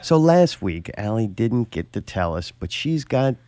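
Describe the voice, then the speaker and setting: Joking man with a lively voice. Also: on the low side, measured pace, no echo. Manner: joking, teasing interjections. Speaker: podcast co-host. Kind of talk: casual banter.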